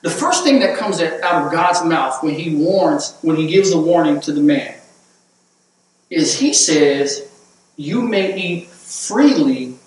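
A man preaches in a church sanctuary, his voice high for a man and his delivery unhurried. He repeats words as he builds toward emphatic points. The sound is heavily echoey and a little distant, as if picked up from across the hall. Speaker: pastor. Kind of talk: sermon.

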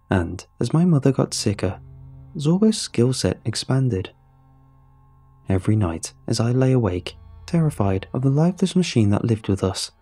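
A man narrating a horror story in a measured, somber way. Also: medium pitch, warm tone, slightly rough. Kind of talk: scripted narration. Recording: faint music under the narration.

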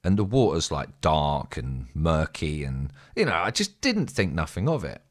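An English man telling a rambling, sweary story in a casual, animated way as a streamer. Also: extremely low pitch, moderate pace. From England.

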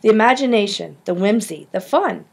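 A woman's voice: medium pitch, expressive, normal speed, gravelly, slightly rough. Woman reading as an earnest animal-loving schoolgirl. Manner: earnest and insistent.

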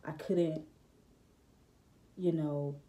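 A woman's voice: low-pitched, fairly even intonation, very slow, warm tone. A young woman giving a hesitant, reflective personal testimony straight to the camera, with many fillers. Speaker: vlogger.

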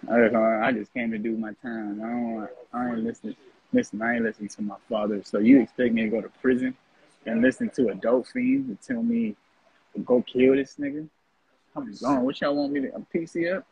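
A man's voice: medium pitch, gravelly, breathy edge. A man from North Richmond, California, talking bluntly and brashly in a profane, mocking monologue about prison life. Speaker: former prison inmate telling his story. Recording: phone-like lo-fi audio.

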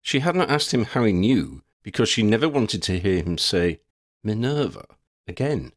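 Expressive male storybook narrator, low and animated, dry close sound. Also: normal speed, no room sound. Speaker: audiobook narrator.

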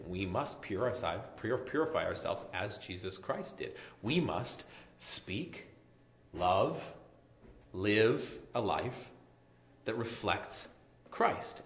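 A male pastor preaching a conversational sermon, dropping soft and low when reading scripture. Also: lively intonation, takes it slowly, roomy sound, slight background noise. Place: church sanctuary.

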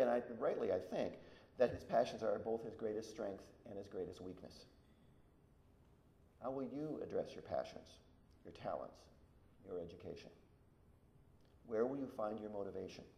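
A man's voice: lowish voice, gravelly, mellow, slight background noise. A man giving a university lecture, reading verse aloud with emphasis and adding asides to the audience. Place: lecture hall. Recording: echoey hall.

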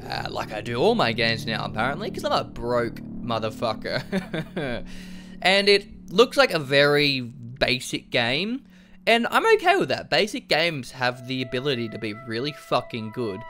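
A man's voice: mid-range voice, very animated, measured pace, pushed and bright, a little hiss or hum. A young man casually commenting on a game he plays, swearing a lot and joking about himself. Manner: profane, self-deprecating, jokey. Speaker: let's play gamer.

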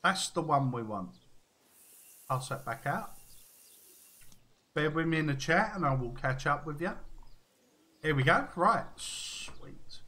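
A man's voice: fairly high pitch, animated, slow, long pauses, pushed and bright. A man live-streaming a fishing game, chatting casually and reading viewer messages aloud.

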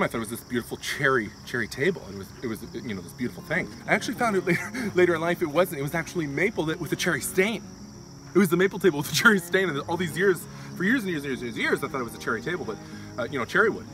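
Casting: excitable rambling comedic host, male, slightly high voice, recorded from a distance outside with crickets. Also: music in the background. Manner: rambling, halting, gushing and excitable. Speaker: comedy show host in character. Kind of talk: mock-earnest outdoor comedy monologue.

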